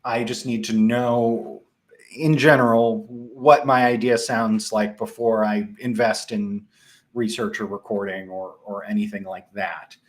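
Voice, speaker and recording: A young man with a Midwestern accent, casually presenting a live software tutorial with frequent ums and restarts. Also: lowish voice, fairly even intonation, a little slow. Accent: Midwestern American.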